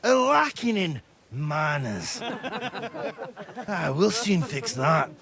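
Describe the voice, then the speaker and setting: A gravelly tavern thug. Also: male voice, fairly high pitch, big pitch swings, slow pace, very noisy, exaggerated voice. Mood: taunting. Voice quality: gravelly, crude and taunting. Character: rowdy drunken male tavern thug, mocking. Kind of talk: video game voice acting.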